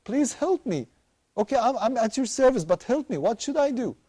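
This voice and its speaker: A man putting on the voice of a pleading six-year-old girl in a raised pitch. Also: very animated, moderate pace, warm tone, dry recording, clean studio sound, full character voice.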